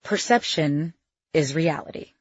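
A woman's voice: low voice, expressive, a little slow, breathy edge, no echo, lo-fi sound. A woman reading her own memoir in the first person, with a wry, sardonic edge to her asides. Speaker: memoir narrator.

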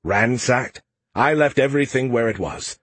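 A man's voice: medium pitch, animated, moderate pace, fairly bright tone, husky, no room sound. A man voicing a cocky, boastful male alien AI in an audiobook, teasing everyone he talks to. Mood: smug. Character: smug male alien AI in a beer can. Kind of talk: audiobook character voice.

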